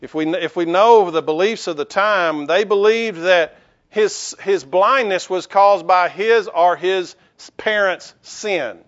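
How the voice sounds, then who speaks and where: A man's voice: high-pitched, slow pace, muffled recording. A man pastor preaching a sermon in a conversational way, with restarts and rhetorical questions to the congregation.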